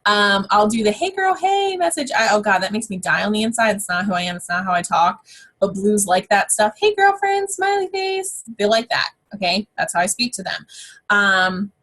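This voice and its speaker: A woman coaching her sales team in a loose, conversational way, peppering her talk with fillers and excited exclamations. Her voice has a husky edge, sitting in an ordinary middle pitch. She speaks from a home office. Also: fairly quick. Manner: chatty, frequent fillers and exclamations. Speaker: network marketing team trainer. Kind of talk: casual training talk.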